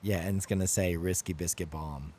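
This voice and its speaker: A man's voice: deep voice, fairly even intonation, brisk, warm tone. A man in a band chatting casually on a stream, teasing and playful, bossy when coaching. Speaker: band member co-hosting a stream chat. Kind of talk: casual chat.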